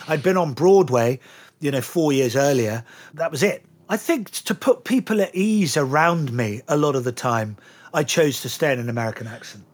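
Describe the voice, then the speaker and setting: A middle-aged Englishman with an English accent, chatting as an actor guest in an interview and telling lively, anecdotal stories with the odd curse. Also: medium pitch, moderate pace. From England. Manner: lively anecdotal storyteller, occasionally swears. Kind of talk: casual interview chat.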